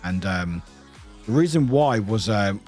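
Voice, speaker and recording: Animated British man chatting on stream. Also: on the low side, measured pace, faint music behind. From United Kingdom. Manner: chatty and animated, swears freely, laughs often, shouts out chat viewers. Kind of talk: casual live-stream chat.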